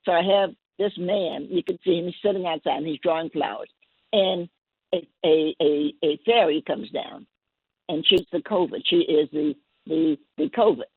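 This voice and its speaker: A woman poet guesting on a call-in show, telling a story in a gentle, rambling way with many restarts. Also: on the low side, normal speed, creaky, husky, dry recording. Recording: tinny phone line.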